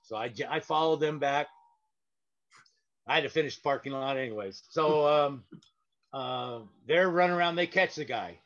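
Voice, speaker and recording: Man, guest storyteller, higher-pitched, rambling and filler-heavy; dull recording. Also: moderate pace, long pauses, a bit bright. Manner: rambling, with frequent fillers and restarts. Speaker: guest, parking lot sweeper. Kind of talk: casual anecdotal storytelling.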